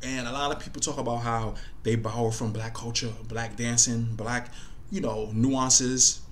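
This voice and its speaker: A man's voice: medium pitch, fairly even intonation, normal speed, fairly bright tone, slight background noise. A man hosting a casual commentary video, talking loosely and thinking aloud with lots of fillers. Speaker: commentary host.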